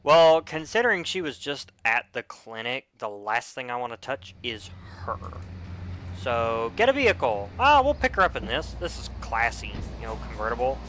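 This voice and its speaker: A young man giving casual let's play commentary, with frequent profane, excitable outbursts. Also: medium pitch, normal speed, a little hiss or hum. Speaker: gamer.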